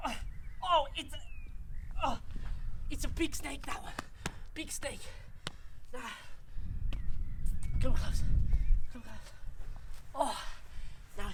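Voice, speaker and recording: A performer playing an excitable male wildlife presenter with a poor put-on Australian accent, filming outdoors in a back garden for a children's show. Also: mid-range voice, background noise. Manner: excitable, exclaiming, sudden shouts then hushed. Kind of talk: comic children's wildlife segment.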